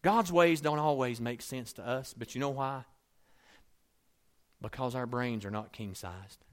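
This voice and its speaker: A man preaching a sermon in a conversational, storytelling way, dropping to soft asides and rising to emphatic points. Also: medium pitch, unhurried. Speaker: pastor.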